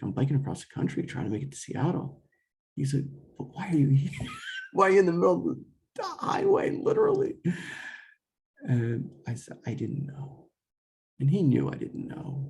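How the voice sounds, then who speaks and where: A young man recounts a personal story in a loose, rambling way, stopping often to restart his sentences. His voice is heavily gravelly, with a dark, mellow tone, and he acts out quoted dialogue as he goes. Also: mid-range voice. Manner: rambling, full of fillers and self-corrections; quotes himself and others in dialogue.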